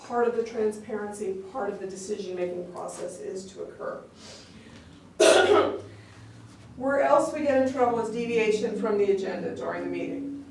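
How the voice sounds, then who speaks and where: A woman leads a training session in a conversational, explanatory way, slipping into quoted asides as she makes each point. Her voice sits a little high and is caught from across a very echoey meeting room. A faint hum runs underneath. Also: darkish tone, distant mic. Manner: explanatory, acts out quoted exchanges. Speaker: open meeting law trainer. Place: district office meeting room. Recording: very echoey room, picked up from afar.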